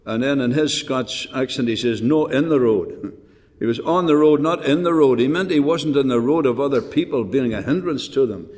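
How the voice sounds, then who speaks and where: A man's voice: mid-range voice, lively intonation, a little fast, a little mellow. An older man preaching a folksy, rambling sermon with rhetorical questions and frequent restarts. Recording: long hall reverb.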